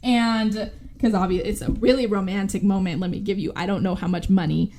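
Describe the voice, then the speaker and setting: A woman hosting a podcast, casually recapping a movie in an animated, sweary way and acting out the characters' lines. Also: mid-range voice, fairly quick, slight background noise. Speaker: podcast host.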